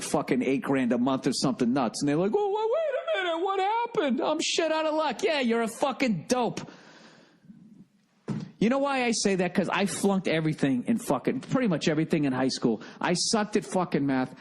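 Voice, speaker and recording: A middle-aged man hosting a solo podcast speaks with a Boston accent in a medium-pitched, darkish voice. His talk wanders, profane and self-mocking, as he gets distracted.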